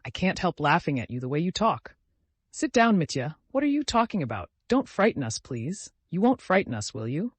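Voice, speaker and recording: A man voicing a proud young woman, speaking high and insistently, with a reproachful edge. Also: very animated, normal speed, slightly rough, no echo.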